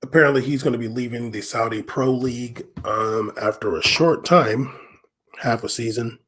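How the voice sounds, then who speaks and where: A man's voice: medium pitch, moderate pace, fairly bright tone. A man hosting a podcast, talking casually and rambling with slang, frequent fillers and laughter. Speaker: podcast host. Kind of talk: casual solo commentary.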